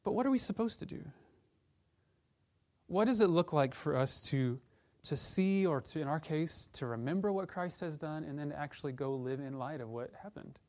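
A man's voice: a little high, animated, moderate pace, darkish tone. A man preaching a conversational Advent-season sermon as pastor, acting out quoted lines from the scripture story. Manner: conversational, plays out quoted voices of disciples and angels.

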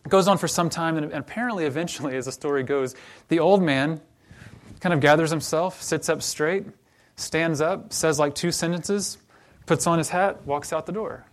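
A man preaching a sermon as a pastor, telling a story and then quietly leading a closing prayer. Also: fairly high pitch, moderate pace.

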